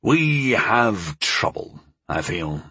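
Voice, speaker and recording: A wise old hedge mage, as a male reader puts him on, deep and unhurried, each word set down slowly and gravely. His husky voice sits low. The sound is dry and close, with no room around it. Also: sing-song, sharp tone, no echo, full character voice. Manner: slow, measured and low.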